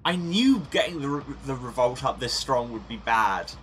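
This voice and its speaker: A man with a bright, forceful voice hosts a let's play of a story game. He reads the narration and then muses aloud on his choices with wry humor, over faint music. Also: medium pitch, lively intonation, moderate pace. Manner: wry, musing commentary. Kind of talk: reading game text and commenting.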